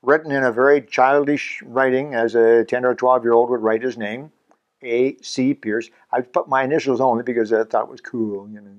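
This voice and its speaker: In a muffled recording, a scuba instructor in his seventies from Canada talks to the camera on his own channel, fairly quickly and with hardly any pauses. His mid-range voice keeps a fairly even intonation while he chats, mocks himself, and chuckles between points.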